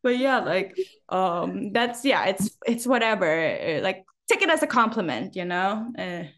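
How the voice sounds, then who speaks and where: A woman's voice: medium pitch, a little slow. A woman co-hosting a podcast in casual chat, animatedly acting out what people said, with frequent laughs. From Philippines. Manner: animated, acts out quotes with laughs. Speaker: podcast co-host.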